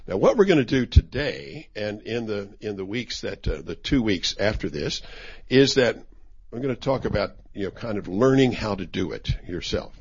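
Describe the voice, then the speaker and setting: Husky-voiced man teaching a Bible class. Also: lowish voice, expressive, moderate pace. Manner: conversational, wry, many restarts. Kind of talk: informal Bible study talk. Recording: dull lo-fi recording.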